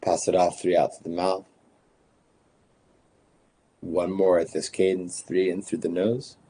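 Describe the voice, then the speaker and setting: Low, dark-voiced man guiding breathwork. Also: unhurried, a little hiss or hum. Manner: calm, counting breaths with short instructions. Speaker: breathwork guide. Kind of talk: guided breathing practice.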